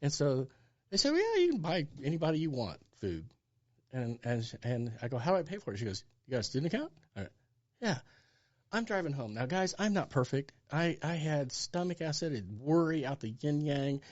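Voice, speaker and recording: Pastor in his sixties, animated storyteller voicing the other people in his stories, dull mic sound. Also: a little high, a little fast. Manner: animated storyteller acting out dialogue. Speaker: pastor and guest. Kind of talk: storytelling interview.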